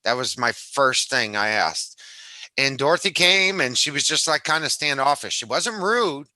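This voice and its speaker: A man's voice: medium pitch, animated, normal speed, bright, forceful tone, dry recording. A man on an online panel telling a loose, laughing anecdote over a call mic. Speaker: panel guest. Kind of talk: casual panel chat.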